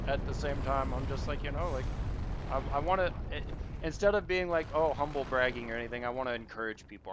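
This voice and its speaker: A man at a middle pitch gives live gameplay commentary as a streamer, chatting casually to his viewers. He rambles, restarts sentences and leans on fillers, and keeps cheering his audience on. A faint hum of noise runs underneath. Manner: encouraging, talks straight to viewers. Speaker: gaming streamer.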